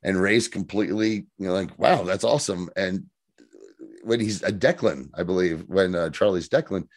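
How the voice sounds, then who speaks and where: A man's voice: low voice, normal speed, no echo, studio quality. A man co-hosting a podcast, retelling a TV episode casually with lots of swearing and acted-out lines. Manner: profane, animated storyteller who acts out scenes. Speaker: podcast co-host. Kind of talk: casual chat recapping a TV episode.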